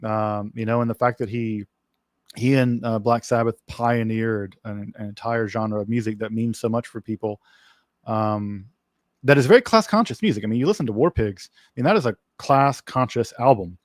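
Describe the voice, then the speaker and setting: A man's voice: on the low side, normal speed, no echo. A man hosting a casual livestream Q&A, rambling with many fillers and restarts. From working-class background. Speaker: livestream host.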